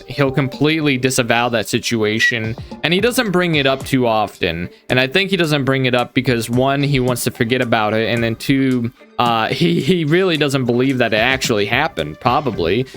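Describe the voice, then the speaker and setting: A man's voice: medium pitch, fairly bright tone. Casual male commentator, conversational. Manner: conversational, with frequent filler phrases.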